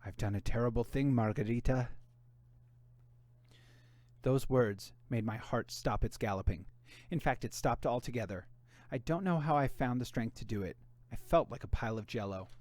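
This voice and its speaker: A man reading a mystery novel aloud in the first person, with an expressive delivery. His voice sits in the middle range, and the recording is close and dry. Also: mid-range voice, moderate pace, no room sound. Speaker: volunteer reader.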